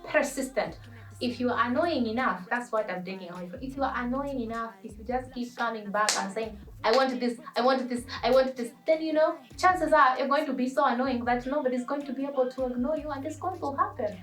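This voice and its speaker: A young woman from Malawi giving a playful comic monologue to camera, with sudden high squeals and quiet asides. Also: brisk. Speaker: vlogger. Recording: echoey room, voice a bit far from mic, light music.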